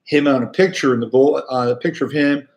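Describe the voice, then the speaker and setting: A man's voice: mid-range voice, quick pace. Rambling conversational man. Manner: conversational, rambling, many fillers. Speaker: astrologer host. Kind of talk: casual astrology talk.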